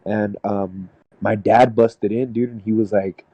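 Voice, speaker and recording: A man telling a personal story in casual podcast talk, halting and rambling with lots of "dude" and "man". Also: lowish voice, fairly even intonation, dark tone, no room sound, highs cut off. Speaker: podcast panelist. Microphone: podcast mic.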